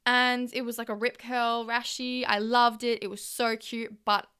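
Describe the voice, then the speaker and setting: A woman's voice: a little high, level tone, a little slow, bright, forceful tone, smooth. A young Australian woman in her twenties, hosting a podcast alone, talking in a chatty, candid and sweary way and acting out her own reactions. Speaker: podcast host. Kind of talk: casual solo podcast monologue.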